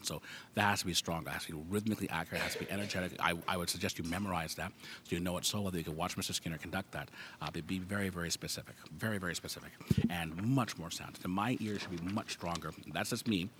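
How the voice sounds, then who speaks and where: A man's voice: sits low, fairly bright tone, slight background noise. A man adjudicating a school band over a microphone, giving frank, specific feedback and singing rhythms aloud to show what he wants. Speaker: music festival adjudicator. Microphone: handheld microphone.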